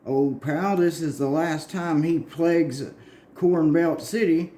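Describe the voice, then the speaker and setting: A man voicing a hotheaded young male hero sidekick in a comic he reads aloud, in a raised, excited voice. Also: fairly high pitch, takes it slowly, pitched above the performer's own voice. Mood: eager.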